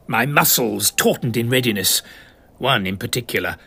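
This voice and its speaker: A man voicing a pompous elderly English gentleman, telling his own adventure as a comic storybook tale. His voice is gravelly and a little husky, with plenty of lively ups and downs, and he drops posh old-fashioned slang as he goes. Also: mid-range voice, measured pace. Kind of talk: comic first-person narration.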